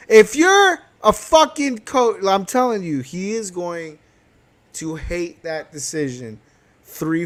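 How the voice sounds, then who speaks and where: A man hosting a sports podcast, loud and profane, ranting in casual chat. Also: fairly high pitch.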